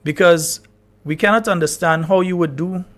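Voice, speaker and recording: A man hosting live talk radio. His voice is high for a man, and he talks in a chatty way, often checking that his listeners are following him. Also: moderate pace. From Grenada. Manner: chatty, asks listeners if they understand. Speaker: radio talk show host.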